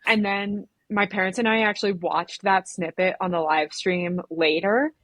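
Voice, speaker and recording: A woman's voice: medium pitch, moderate pace, no room sound. An easygoing woman guest, an ultrarunner, recounting a race in casual interview talk. Her voice sits mid-range and the recording is dry. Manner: relaxed, easygoing, laughs readily.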